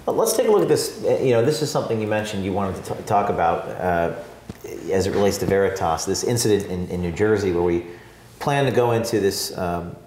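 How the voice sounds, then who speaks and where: Halting man in an echoey room. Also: low voice, lively intonation, a little mellow, slight background noise. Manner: halting, repeats words while thinking. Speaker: interviewer and host. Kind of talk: casual conversation.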